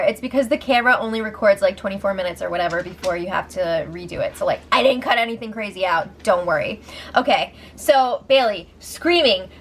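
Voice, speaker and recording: Excitable young woman recapping a show. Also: a little high, a little hiss or hum. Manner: excitable, laughs a lot. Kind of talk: casual reality-show recap.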